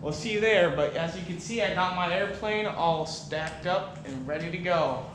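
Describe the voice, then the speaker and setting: A man joking his way through a hobby vlog, playful, excitable and self-mocking. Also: high-pitched, normal speed, recorded from a distance, slight background noise. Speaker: vlogger. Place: outdoors and in a workshop.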